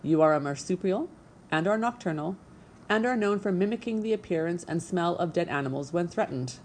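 A woman voicing a calm, literal-minded female robot who speaks flatly and precisely. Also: on the low side, fairly quick, a little hiss or hum, close to an everyday voice. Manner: flat, precise and unemotional.

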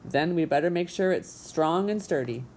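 A woman's voice: lowish voice, expressive, moderate pace, darkish tone, slight background noise. A woman voicing a stubborn, grumbling male beaver father with a folksy way of talking. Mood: gruff, folksy.

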